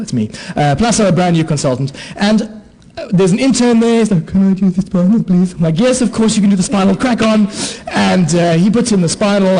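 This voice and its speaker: A man, giving a comic, self-mocking storytelling talk to a conference audience, full of lively asides and sound effects. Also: sits high, rough recording. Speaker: conference speaker, anaesthetist.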